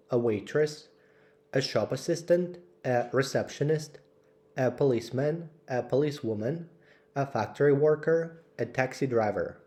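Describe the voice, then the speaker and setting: A man slowly reading out English vocabulary lists for learners, word by word with clear pauses. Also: medium pitch, darkish tone. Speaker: English teacher. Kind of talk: slow vocabulary drill.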